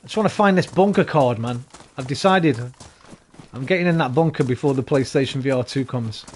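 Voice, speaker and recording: Man, game streamer, tired, chatty, rambling, casual swearing, middle pitch. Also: brisk, a little mellow, slight background noise. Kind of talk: casual live-stream chat while gaming.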